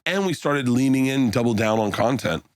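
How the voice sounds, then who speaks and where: A comedian telling stories in a casual podcast chat, acting out quotes and laughing loudly. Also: male voice, medium pitch, fairly quick, no echo. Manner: animated storyteller, acts out quotes, laughs loudly.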